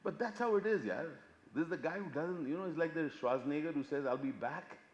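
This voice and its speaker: An older man with an Indian accent doing a chatty, self-mocking stand-up set, switching between Hindi and English and swinging from hushed asides to loud bursts. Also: fairly high pitch, lively intonation, fast talker, a little hiss or hum. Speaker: stand-up comedian. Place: large conference hall. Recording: echoey hall, muffled PA sound.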